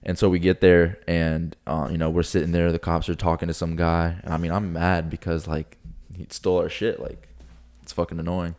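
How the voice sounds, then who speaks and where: A man's voice: low-pitched, flat delivery, moderate pace, hardly any pauses, darkish tone. A young man from Florida, a podcast host, telling a rambling story in casual chat, swearing freely and often restarting. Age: young adult.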